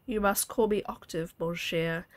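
A woman reading the lines of a gallant, charming Creole man in a story game, softly and flirtatiously. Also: on the low side, fairly even intonation, unhurried, dry recording, lightly acted.

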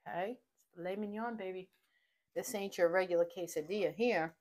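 This host of a casual cooking channel is a middle-aged woman whose mid-range voice has a slightly mellow quality and a moderate pace. She's chatty and upbeat, sharing kitchen tips from her home kitchen.

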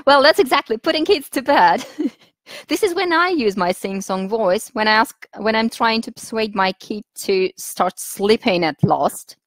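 A woman with a Russian accent leading a webinar lesson for teachers, patient and instructive, pausing often with fillers as she thinks. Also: on the high side, animated, dry recording. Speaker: teacher trainer.

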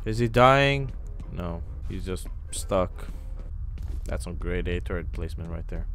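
A man commentating a game as host, excitable and jokey, swearing and making mouth sound effects. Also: on the low side, slow, long pauses, faint music behind. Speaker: gaming host. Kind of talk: let's play commentary.

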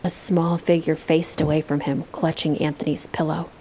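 A woman voicing a calm character who tells ghost stories in a game, in an even, measured reading. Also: deep voice, a little hiss or hum, close to an everyday voice, poor audio. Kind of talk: scripted storytelling in a game.

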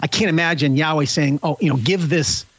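A man's voice: a little high, a little fast, fairly bright tone, slightly rough, no room sound, poor audio. A man thinking aloud as a panelist in a casual roundtable discussion over a video call. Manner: thinks aloud, self-correcting.

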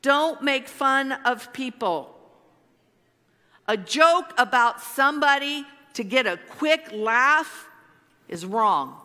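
A woman pastor preaching a sermon slowly and emphatically, with dramatic pauses. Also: high voice, lively intonation, sharp tone. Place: large church hall. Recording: long hall reverb.

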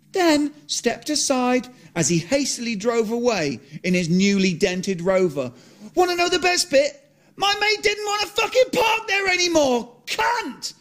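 A man's voice: sits high, full character voice. A man voicing a lazy, hot-tempered young British man who swears and rants as he tells a story. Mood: cocky. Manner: ranting, swearing, animated storytelling.

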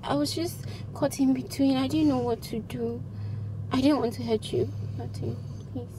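An actress playing a guilty young woman who begs forgiveness in a halting, tearful voice. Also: sits high, fairly even intonation, noisy background, natural voice. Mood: pleading.

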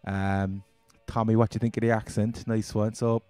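Rambling, low-voiced Cork man. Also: level tone, normal speed, dark tone, smooth, dry recording, faint music behind. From Ireland. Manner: rambling, chatty, easygoing. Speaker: gaming channel host. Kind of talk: casual gaming commentary.

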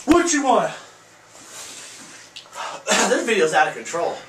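Excitable young man, echoey room. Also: high-pitched, slow, long pauses. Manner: excitable, loud outbursts, trash-talking. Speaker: gaming YouTuber. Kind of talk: gameplay reaction commentary. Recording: echoey room, distant mic, noisy.

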